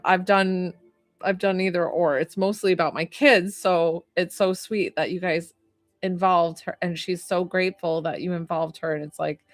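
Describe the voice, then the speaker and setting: A woman's voice: lowish voice, a bit bright, no echo. A young adult woman doing a psychic reading on a casual livestream, talking in a chatty, emotional way with lots of fillers.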